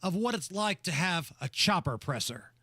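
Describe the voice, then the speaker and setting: A man's voice: sits high, animated, moderate pace, vocal fry, heavy background noise. A man co-hosting a talk radio show, setting up stories playfully. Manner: playful storytelling. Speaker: radio co-host. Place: radio studio.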